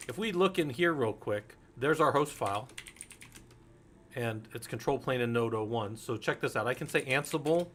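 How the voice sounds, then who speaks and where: A man in his forties teaches a Linux security course in a candid, loose style, swearing freely and wandering off into anecdotes. His mid-range voice is animated and a bit bright at a moderate pace, over slight background noise. It's a casual technical lecture.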